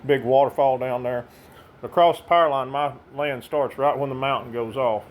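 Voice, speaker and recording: A man's voice: mid-range voice, fairly even intonation, moderate pace. A middle-aged man telling a rambling personal story, folksy and meandering.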